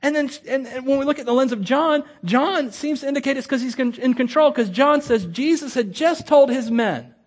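Guy preaching a sermon, fairly high voice, jokey and animated, trips over his words a lot. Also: normal speed, hardly any pauses. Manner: animated, acts out quotes with humor, stammering restarts. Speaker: pastor.

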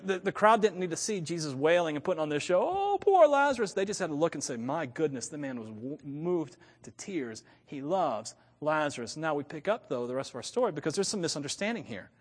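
A man preaching a sermon as pastor, swinging from loud, emphatic lines to hushed ones and laughing at himself now and then. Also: fairly high pitch, long reverb tail. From North America.

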